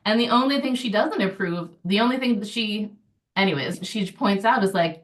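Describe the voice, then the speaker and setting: A woman author speaking as a guest in an interview, animated and playful, laughing easily. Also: mid-range voice, moderate pace, recorded from a distance. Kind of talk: casual conversational interview.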